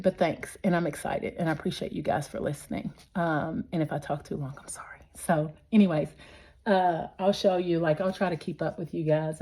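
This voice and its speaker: A woman's voice: sits low, a little mellow, husky. A middle-aged woman, chatting earnestly and rambling to her viewers with lots of fillers. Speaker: vlogger. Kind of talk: casual chat to viewers.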